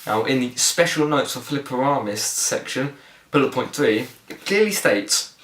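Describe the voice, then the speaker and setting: A man's voice: medium pitch, animated, moderate pace, a bit bright, roomy sound. A young man giving a blunt, sarcastic film review, ranting in exasperation from his bedroom. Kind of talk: casual film review monologue.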